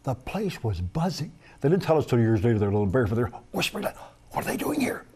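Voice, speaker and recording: An older man giving an animated personal testimony as a TV interview guest, acting out dialogue as he tells it. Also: medium pitch, very fast, a little hiss or hum. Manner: animated storytelling, acts out quoted dialogue.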